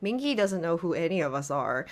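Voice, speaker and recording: Lively young woman, playfully indignant. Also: fairly low pitch, fairly quick. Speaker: podcast co-host. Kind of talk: casual chat.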